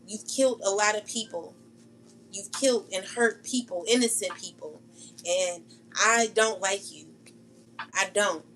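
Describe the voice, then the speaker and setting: A woman's voice: medium pitch, fairly bright tone, a little hiss or hum, poor audio. Woman ranting heatedly to her viewers. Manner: heated, accusing, repetitive, cursing. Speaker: tarot channel host. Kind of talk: ranting vlog monologue.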